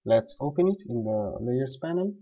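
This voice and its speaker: A man calmly explaining software steps one by one in a screen-recorded tutorial. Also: mid-range voice, moderate pace. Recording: dull lo-fi voice recording.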